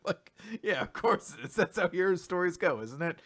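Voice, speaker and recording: Animated man recapping with a dry close sound. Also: sits high, normal speed, no echo. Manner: animated, acts out characters' lines, laughs often. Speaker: podcast co-host. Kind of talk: casual manga recap chat.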